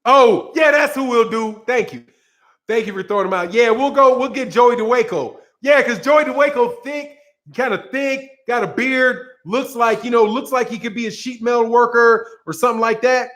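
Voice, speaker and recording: A man's voice: very high-pitched, moderate pace, a bit bright. A man hosting a boxing channel, ranting casually in a rambling, sarcastic way, repeating words and breaking into laughs. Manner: sarcastic, mocking.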